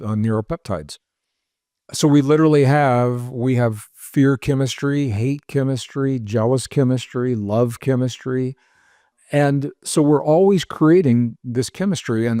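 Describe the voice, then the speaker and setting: A man's voice: mid-range voice, warm tone, no echo, clean studio sound. A man who is the guest on a podcast interview, explaining ideas in an earnest, step-by-step way and listing example after example. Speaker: author and researcher guest.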